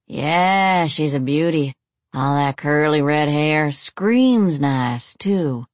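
A woman's voice: deep voice, expressive, takes it slowly, no echo. A woman voicing a crude, slightly drunk male cowboy gunman with a boorish, lightly slurred drawl. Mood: leering.

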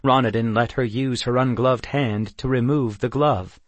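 A man reads an audiobook aloud, telling the story in a measured, even way as scripted narration. His voice is medium-pitched, with no room sound.

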